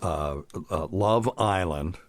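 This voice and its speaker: A man's voice: sits low, slow, dry recording. A middle-aged man hosting a medical podcast, chatting in a jokey, rambling way. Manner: chatty, jokey, wanders off topic. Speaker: podcast host, doctor. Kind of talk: casual chat.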